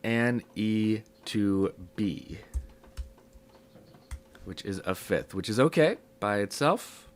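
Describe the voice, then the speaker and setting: Hoarse sick man teaching music theory. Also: on the low side, slow pace, pauses often. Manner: relaxed, explaining step by step with fillers. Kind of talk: casual classroom lesson.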